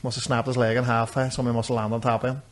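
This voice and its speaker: A man, co-hosting a podcast and telling rambling, animated stories in casual chat. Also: medium pitch, rapid-fire. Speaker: podcast co-host. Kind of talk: casual storytelling.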